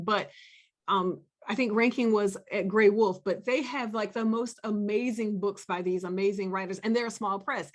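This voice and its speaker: Woman panelist, mid-pitched voice, thoughtful, full of fillers and restarts, video call. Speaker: panelist and scholar. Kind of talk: panel discussion.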